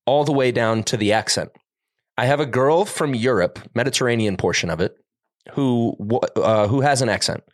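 A man's voice: mid-range voice, moderate pace, no room sound. A man co-hosting a podcast, reading a listener's email aloud in casual chat and breaking into laughter as he goes. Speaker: podcast co-host.

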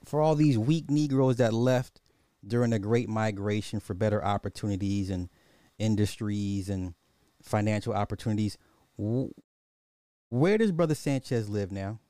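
A man's voice: lowish voice, normal speed, warm tone, dry recording, clean studio sound. A man hosting a casual social commentary podcast, repeating rhetorical questions in a mocking tone and chuckling now and then. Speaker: podcast host.

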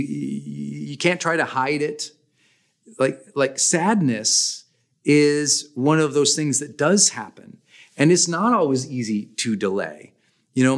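A man's voice: medium pitch, a bit bright. A man hosting a podcast, giving motivational talk with emphatic stress that jumps up on key points. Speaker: podcast host.

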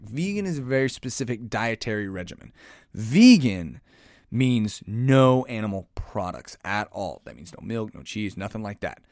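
A male podcast host with a lowish voice gives a rambling, casual solo commentary full of sighs, restarts and self-corrections, describing himself as aggressive and in your face. The sound is clean studio audio with no room sound.

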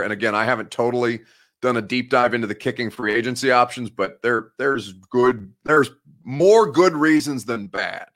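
A man's voice: mid-range voice, sharp tone. A man hosting a live sports talk show, chatting casually, rambling and correcting himself as he goes. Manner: rambling, self-correcting, joking. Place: home studio.

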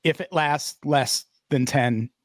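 A man's voice: fairly high pitch, slow, no room sound, clean studio sound. Profane, sarcastic male podcast host. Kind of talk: casual podcast banter.

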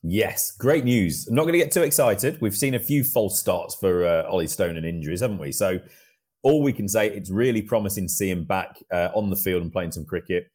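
A man's voice: deep voice, a little fast, a little mellow. A man co-hosting a cricket podcast, reflecting in casual chat and drawing on his own playing experience. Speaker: podcast co-host.

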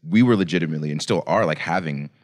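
A podcast co-host with a low voice talks rapid-fire in casual conversation. He's an animated storyteller, acting out quotes as he recounts events.

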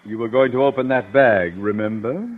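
An actor playing a blustering, self-important school principal in a 1950s radio sitcom. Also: male voice, mid-range voice, normal speed, natural voice. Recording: tinny old radio broadcast.

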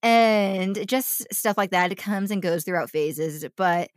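A woman's voice: medium pitch, slow pace, no room sound. Young woman, bubbly, teasing, casual podcast co-host, dry close mic. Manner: bubbly, teasing, laughs often. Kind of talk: casual chat.

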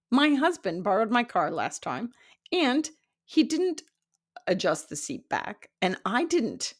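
A woman in her fifties, a psychic development teacher, telling a personal story in casual talk, animated, laughing often and acting out what people said. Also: mid-range voice, normal speed. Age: 50s. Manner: animated, laughs often, acts out quoted dialogue.

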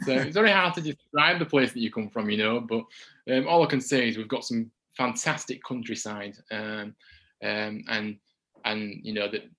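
A man's voice: lowish voice, pushed and bright, poor audio. A man with a Yorkshire accent, a guest answering questions in a casual podcast interview, often stumbling and repeating his words. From Huddersfield, England. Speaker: guest, supporters group founder.

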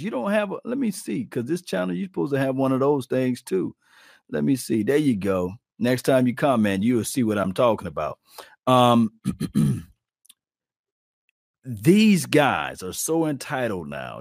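A man hosting a sports talk channel, chatting live with viewers in an animated, folksy way. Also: medium pitch, normal speed, gravelly, no room sound, clean studio sound. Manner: animated, folksy, addresses the audience directly.

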